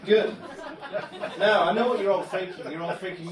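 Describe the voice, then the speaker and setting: A male stand-up comedian, telling absurd tales in a deadpan way. His voice sits fairly high. It rings around a roomy club space, caught from a distant mic. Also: normal speed. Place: comedy club bar room.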